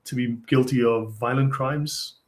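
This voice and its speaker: A man hosting a relaxed discussion in a middle-pitched, unremarkable voice. He talks in a loose, rambling way, with plenty of "I mean" and restarts as he works out his point. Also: unhurried. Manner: rambling, hedges often with "I mean". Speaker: host. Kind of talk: casual conversational discussion.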